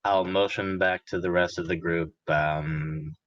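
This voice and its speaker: A man's voice: deep voice, fairly even intonation, unhurried, muffled recording, a crowd in the background. A man talking as a player in a tabletop game, laid back as he explains his character's moves. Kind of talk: casual tabletop play.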